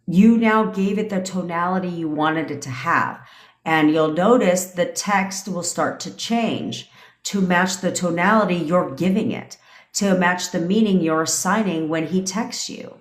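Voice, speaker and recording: Blunt, swearing woman coach, low voice. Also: reverberant. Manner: blunt, swears freely, fast talk with repeated "okay?". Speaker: manifestation coach. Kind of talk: livestream rant.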